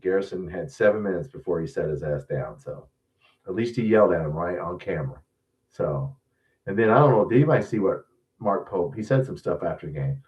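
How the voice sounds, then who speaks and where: A man's voice: sits low, expressive, a little fast, a little mellow. A man hosting a sports stream, ranting bluntly and profanely in casual commentary, often restarting his sentences. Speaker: sports show host. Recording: distant, dull lo-fi mic.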